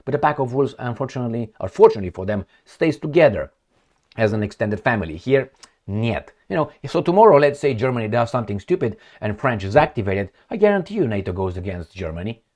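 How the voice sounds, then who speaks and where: A man's voice: mid-range voice, sing-song, quick pace, a little mellow. A middle-aged man giving off-the-cuff commentary while reading news articles aloud, sarcastic and rambling, with many fillers and restarts. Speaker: political commentator.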